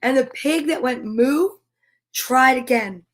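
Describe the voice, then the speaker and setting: A woman's voice: high-pitched, slow, slight background noise. A woman reading a children's picture book aloud in a playful way, with animal noises. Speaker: children's storyteller.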